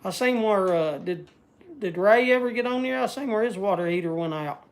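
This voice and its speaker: A man's voice: high-pitched, lively intonation, a little fast. Brief: man, folksy livestream rambler, loses his words. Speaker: vlogger. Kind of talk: casual livestream chat.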